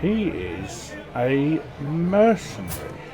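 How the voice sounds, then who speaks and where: A man's voice: medium pitch, huge pitch swings, very slow, over music, crowd noise. A man casually commentating a strategy game, sleepy and yawning, reading event text aloud with wry muttered asides. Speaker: gameplay commentator.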